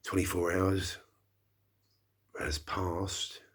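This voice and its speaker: A middle-aged man talks through his early-morning podcast in a slow, meandering way, sighing between thoughts. His voice sits very low and comes out husky, with an unhurried drawl as he mulls things over at home. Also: level tone, a bit bright. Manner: slow, rambling, reflective with sighs. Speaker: podcast host. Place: small flat indoors.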